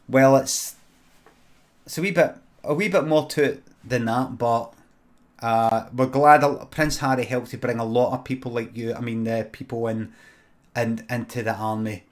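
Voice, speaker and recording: A Scottish man voicing an offhand army recruiter who talks slowly and dismissively. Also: mid-range voice, fairly even intonation, natural voice.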